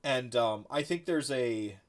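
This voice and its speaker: A man hosting a casual podcast chat, animated and loose, swearing freely and restarting his sentences. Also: mid-range voice, a little slow. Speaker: podcast host.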